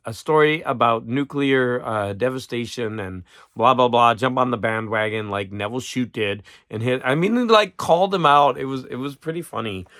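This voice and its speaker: A man's voice: medium pitch, a bit bright, no room sound, studio quality. A man hosting a casual, rambling chat about books he has read, often breaking off and restarting his sentences. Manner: rambling, self-interrupting, chuckling. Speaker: channel host.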